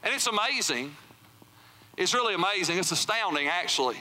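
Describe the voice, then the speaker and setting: Preaching in a church sanctuary, a male pastor with a high voice speaks in a bright, forceful, animated way at a brisk pace. His sermon feels conversational, and he keeps asking the congregation "right?"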